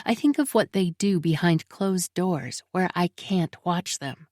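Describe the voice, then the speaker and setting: Low-voiced woman narrating a tense thriller. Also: lively intonation, measured pace, a little mellow, no room sound, studio quality. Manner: tense, brooding first-person storytelling. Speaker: audiobook narrator. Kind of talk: scripted first-person thriller narration.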